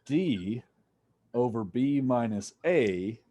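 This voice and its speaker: A man's voice: mid-range voice, lively intonation, takes it slowly, dark tone. Joking male physics lecturer. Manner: casual, jokey, thinks aloud while working problems. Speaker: physics instructor. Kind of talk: classroom lecture.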